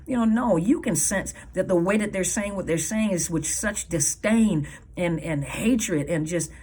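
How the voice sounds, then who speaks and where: A woman's voice: fairly low pitch, moderate pace, warm tone, slightly rough. A woman counselor giving earnest advice to viewers, emphatic and repeating her key points. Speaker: counselor and coach.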